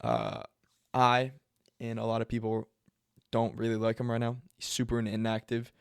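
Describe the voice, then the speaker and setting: A man's voice: mid-range voice, moderate pace, gravelly, clear, resonant tone, no room sound, studio quality. A man explaining a sport casually, rambling and often correcting himself mid-sentence. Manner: rambling, self-correcting, filler-heavy. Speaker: MMA video host.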